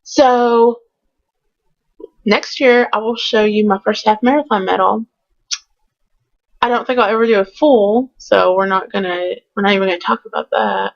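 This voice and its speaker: A woman's voice: medium pitch, normal speed, gravelly, lo-fi sound. A woman telling a candid, chatty storytime in a casual vlog. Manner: chatty and candid, with many ums. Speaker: vlogger.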